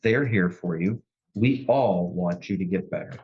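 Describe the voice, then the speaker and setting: A man's voice: sits low, measured pace, a little mellow. A male judge giving stern, plainspoken sentencing remarks in a courtroom, often restarting his sentences. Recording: dull lo-fi courtroom recording.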